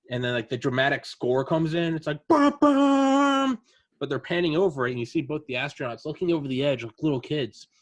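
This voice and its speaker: A man chatting casually as a podcast co-host, telling a rambling, animated story full of fillers. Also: fairly high pitch. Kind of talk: casual chat.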